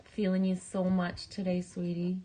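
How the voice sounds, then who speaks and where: A woman's voice: fairly low pitch, monotone, normal speed, warm tone. A woman live streamer chatting casually, laughing often as she greets viewers and pulls oracle cards.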